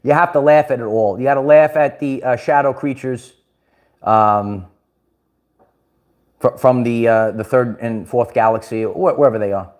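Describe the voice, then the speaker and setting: A man's voice: medium pitch, normal speed, darkish tone. A man hosting a casual livestream, rambling, restarting words and laughing often. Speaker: livestream host.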